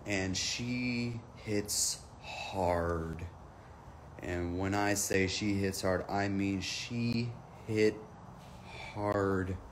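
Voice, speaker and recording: A man's voice: sits low, fairly even intonation, very slow, a little hiss or hum. A man telling a rambling, profane comic anecdote in a casual storytelling style.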